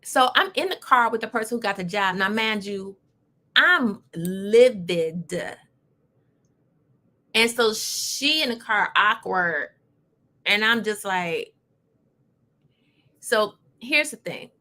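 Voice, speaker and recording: A woman hosting a casual talk show, telling a personal story in an animated, emphatic way with lively asides. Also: mid-range voice, unhurried. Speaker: host.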